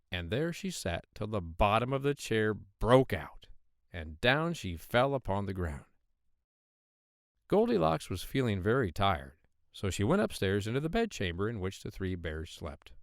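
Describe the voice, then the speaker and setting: A man reads a children's tale aloud with a low voice that swoops up and down expressively. The sound is close and dry, with no room around it. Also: dry recording. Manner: expressive, sing-song storytelling. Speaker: storyteller. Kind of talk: storybook narration.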